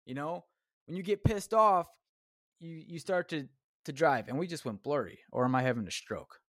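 A man's voice: on the high side, lively intonation, normal speed, fairly bright tone, no room sound, studio quality. A man hosting a solo podcast, ranting casually, swearing constantly and rambling off on tangents. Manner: rambling, self-interrupting. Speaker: podcast host.

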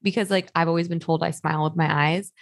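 A young woman with a fairly low, gravelly voice co-hosts a podcast in a relaxed, chatty way. She tells stories freely and peppers them with fillers. The recording is close and dry. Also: quick pace, dry recording. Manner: chatty, storytelling with many likes. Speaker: podcast co-host. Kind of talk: casual chat.

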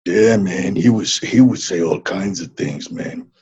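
Male actor as a mellow ex-wrestler guest: low, very husky drawl, calls everyone "man". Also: unhurried, dull audio, exaggerated voice. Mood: laid-back. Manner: laid-back, drawling, says "man" constantly. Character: laid-back Mexican ex-wrestler man who hatched from an egg. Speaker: interview guest. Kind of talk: improvised comedy interview.

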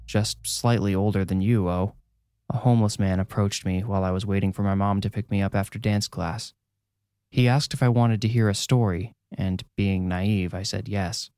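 A man voicing a troubled mother who tells a grim old tale in a low, even tone. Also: dry recording, studio quality, natural voice. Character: worried mother, scolding then mournful. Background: music.

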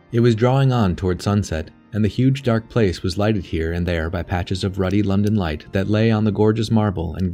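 A man narrating an audiobook in a measured, steady way. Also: lowish voice. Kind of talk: audiobook reading.

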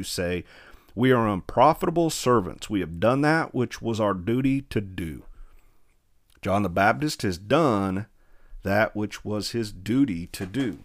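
Working through scripture verse by verse, this lowish-voiced preacher first reads each passage slowly and formally. He follows up by unpacking it in everyday language, posing rhetorical questions along the way.

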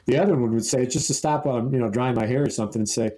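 A man's voice: mid-range voice, fast talker, few pauses, dark tone, low-quality recording. A man co-hosting a podcast, telling an amused, rambling anecdote full of restarts. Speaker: podcast co-host. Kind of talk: casual storytelling chat.

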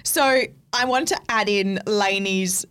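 A woman's voice: mid-range voice, takes it slowly, a bit bright, clear, resonant tone. A young Australian woman co-hosting a podcast, blunt and teasing, swearing freely in casual chat. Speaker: podcast co-host.

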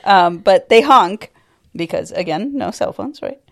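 A woman's voice: mid-range voice, animated, unhurried, creaky, fairly bright tone. A woman co-hosting a podcast, telling a story in a wry way, laughing often and swearing casually. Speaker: podcast co-host.

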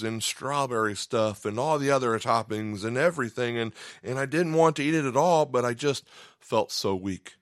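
A man delivers a sermon in a relaxed, conversational manner, often stumbling over and repeating the first word of a phrase. His voice sits at an ordinary middle pitch. The recording is close and dry, with no room sound. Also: no room sound. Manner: conversational, repeats words when starting phrases. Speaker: pastor.

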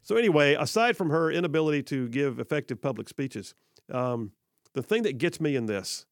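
A man's voice: a little high, animated, fairly quick, no echo, clean studio sound. A man hosting a talk radio show, delivering an emphatic, sarcastic opinion monologue that repeats for effect.

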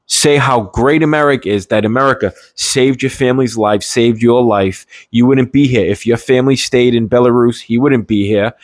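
A man's voice: medium pitch, no echo. A man giving a heated, indignant political rant in a casual, rambling way, often restarting his sentences. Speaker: political commentator.

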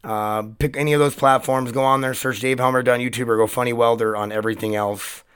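A man hosting his own solo podcast, his voice hoarse and cracking, rambling in a loose, chatty way with plenty of swearing. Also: mid-range voice, fairly even intonation, fast, fairly bright tone. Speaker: podcast host. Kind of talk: casual solo podcast monologue.

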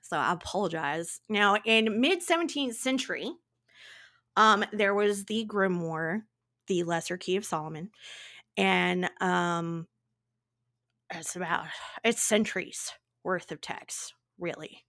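A woman co-hosting a podcast in casual chat, animated and playful, with dramatic asides. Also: fairly low pitch, slow. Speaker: podcast co-host.

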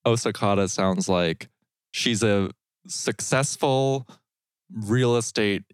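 A man's voice: fairly low pitch, slow, clean tone, no room sound. Joking man podcast co-host, dry mic. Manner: joking, self-deprecating, rambling riffs. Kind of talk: casual comedic chat.

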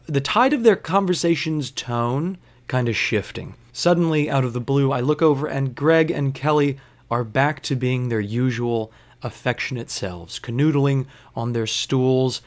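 Profane, animated young man telling a story. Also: medium pitch. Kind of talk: casual storytelling.

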